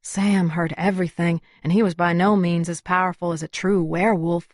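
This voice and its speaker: A woman narrating a first-person audiobook in an even, measured way. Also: lowish voice, dry recording, studio quality.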